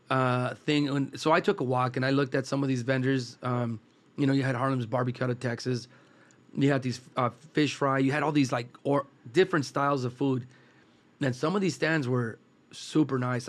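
As a guest, this East Los Angeles food truck cook rambles easily through long anecdotes about cooking, performing the quoted lines himself. His voice sits at an ordinary middle pitch in this casual storytelling.

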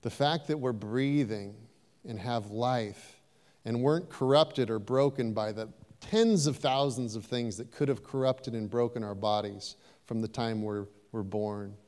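Man pastor mid-sermon, mid-pitched, lively asides, long hall reverb behind him. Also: unhurried, clear, resonant tone. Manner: animated preacher acting out voices, playful asides.

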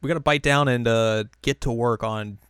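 A man's voice: medium pitch, normal speed, a bit bright, clear, resonant tone, dry recording, clean studio sound. A man co-hosting a podcast, recapping an episode in casual chat, laughing often. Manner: laughs often, rambling recap with acted quotes. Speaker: podcast co-host.

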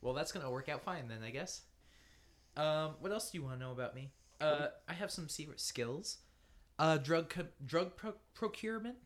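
A man playing in a tabletop role-playing game on a podcast, talking in a rambling, animated way and laughing often. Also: on the high side, normal speed. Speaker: podcast guest player. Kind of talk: casual tabletop role-play chat.

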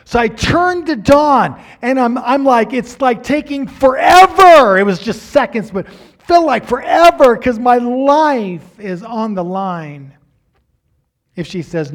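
High-voiced male pastor telling a story. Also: unhurried. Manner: animated, acts out quotes with big swings in pitch and volume. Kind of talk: sermon storytelling.

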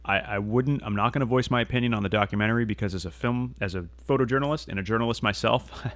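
A man's voice: fairly low pitch, quick pace, no room sound. A man co-hosting a podcast in a loose casual chat, laid-back, often saying "dude" and swearing. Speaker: podcast co-host.

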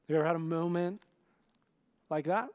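A man's voice: a little high, a little fast, clear, resonant tone. A male pastor giving a conversational sermon, often checking in with the listeners and acting out scenes. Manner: dramatic, acts out scenes.

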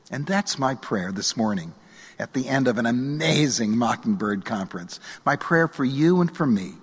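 A middle-aged man preaching a sermon from a church pulpit, measured and earnest, letting his phrase endings fall softly. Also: medium pitch, breathy edge. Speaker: pastor. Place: church sanctuary. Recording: long church reverb.

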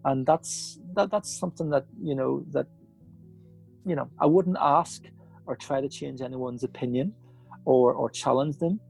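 A man's voice: mid-range voice, measured pace, gravelly, a little mellow, soft background music. A man, a podcast guest, telling a personal story in an earnest, reflective way in casual conversation.

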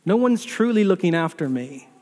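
A man's voice: high voice, lively intonation, normal speed, a little mellow. A man preaching a sermon as pastor, building repetitive lists and asking the listeners rhetorical questions. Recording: long reverb of a large hall.

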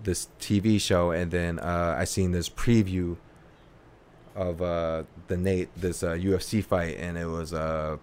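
Deep-voiced man rambling through a story. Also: level tone, unhurried, a little mellow, a little hiss or hum. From California. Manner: rambling, heavy filler words and slang. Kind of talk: casual storytelling chat.

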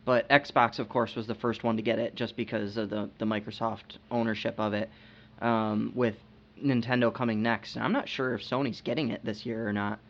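A man's voice: fairly low pitch, fairly even intonation, normal speed. A man co-hosting a casual podcast chat. He talks hesitantly, repeating his words and using lots of fillers. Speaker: podcast co-host. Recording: dull lo-fi podcast audio.

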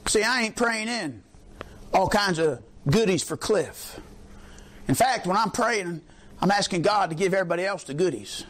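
High-pitched emphatic male preacher. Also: lively intonation, moderate pace, a bit bright. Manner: emphatic, rhetorical call-and-response. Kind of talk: sermon.

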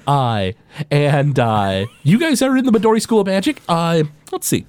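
Hesitant male game master, lively pitch. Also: moderate pace, clean tone, dry recording. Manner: hesitant, many fillers. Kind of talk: narrating a tabletop game.

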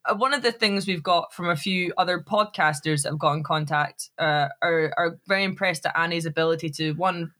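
A woman's voice: on the low side, fairly quick, hardly any pauses, sharp tone. A woman, a podcast guest who laughs a lot and makes fun of herself. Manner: laughs often, self-deprecating. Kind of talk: casual chat.

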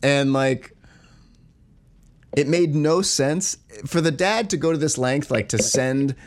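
A man co-hosting a podcast, talking in an animated, exasperated way and filling his speech with "like". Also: fairly high pitch, takes it slowly. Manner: animated, exasperated critique with frequent "like". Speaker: podcast co-host. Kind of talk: casual chat.

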